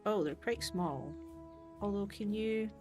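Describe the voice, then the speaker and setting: Woman game streamer, unhurried, chatty, thinks out loud, gets excited fast. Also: medium pitch, music in the background. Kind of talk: casual livestream commentary while playing.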